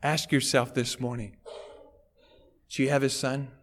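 A man's voice: mid-range voice, little pitch movement, measured pace. A man preaching a sermon, telling a story with dramatic emphasis and putting rhetorical questions to his congregation. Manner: dramatic storytelling, acting out characters' lines.

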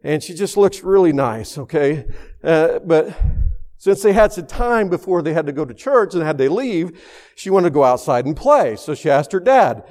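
A man's voice: on the high side, animated, normal speed. Earnest male preacher telling a story. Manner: storytelling, swings from raised emphatic to hushed soft delivery. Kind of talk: sermon.

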